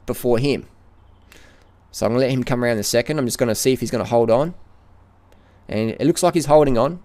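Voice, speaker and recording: A middle-aged man gives live commentary while riding a bike up a hill outdoors. He narrates with excited play-by-play and repeats his phrases, on a camera mounted on the bike or rider. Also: mid-range voice, clear, resonant tone. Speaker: cycling vlogger.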